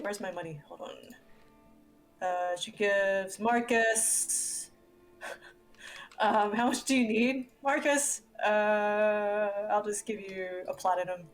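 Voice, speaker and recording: A woman playing a tabletop game, chatting casually, hesitant and giggling often. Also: medium pitch. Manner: giggly, hesitant, many fillers. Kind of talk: casual play chat.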